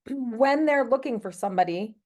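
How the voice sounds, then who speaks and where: Mellow-voiced woman sharing tips, hesitant. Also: fairly high pitch, animated, measured pace. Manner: hesitant, with many fillers and throat clearing. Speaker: travel agent on the team. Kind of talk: casual chat.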